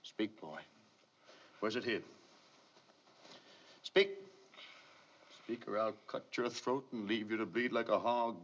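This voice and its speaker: An actor playing a menacing preacher villain who threatens in a slow biblical drawl, from an old film. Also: male voice, fairly low pitch, a bit bright, slight background noise. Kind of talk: 1950s film acting. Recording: dull lo-fi archival film sound.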